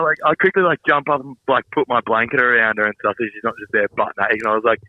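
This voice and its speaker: A young man with an Australian accent recounts a story over a phone call. His voice is bright and cutting, at an ordinary pitch. He talks in an animated way, laughing and swearing freely. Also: fast, few pauses. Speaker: podcast co-host calling in. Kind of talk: casual storytelling.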